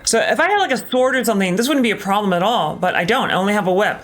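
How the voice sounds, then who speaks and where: Over faint background music, a man commentates his gameplay live as a streamer, his high voice expressive, very fast and a bit bright. He swears frequently, um-ing and hesitating often, in a casual, candid manner.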